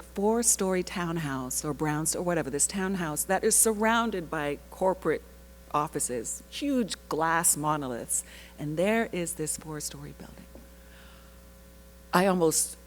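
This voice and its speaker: An actress telling an animated personal story at a panel, laughing often and breaking off into asides. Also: female voice, low-pitched, slight background noise, low-quality recording. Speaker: actress sharing her research story.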